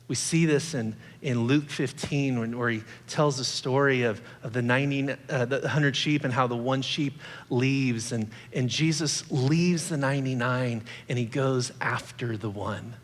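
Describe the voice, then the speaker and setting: A middle-aged man preaching a sermon as a guest pastor, telling jokey stories in an animated way before turning more earnest. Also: mid-range voice, a little slow, hardly any pauses. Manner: animated, joking storytelling. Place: church auditorium. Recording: long hall reverb.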